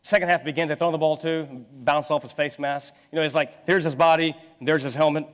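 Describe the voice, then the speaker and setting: High-voiced preacher in a reverberant church. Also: male voice, a little fast. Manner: lively storytelling, acting out the people in his stories. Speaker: pastor. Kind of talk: sermon. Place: church sanctuary. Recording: long hall reverb in a church.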